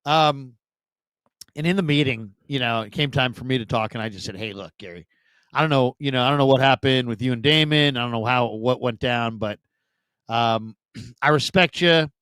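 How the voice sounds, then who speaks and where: A man, a sports radio host, telling stories in a casual, animated way and mimicking other people's voices. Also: moderate pace, clean tone, no echo. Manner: animated, mimics voices with big pitch jumps. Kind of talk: casual storytelling chat.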